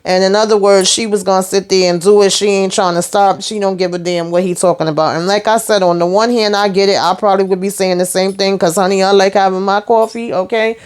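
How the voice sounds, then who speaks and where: A woman's voice: mid-range voice, steady tone. A woman giving a casual recap of a TV episode, sassy and chatty, scolding the characters directly as she retells scenes. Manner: sassy, talks straight to the characters; retells scenes in quick back-and-forth paraphrase. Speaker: TV show reviewer.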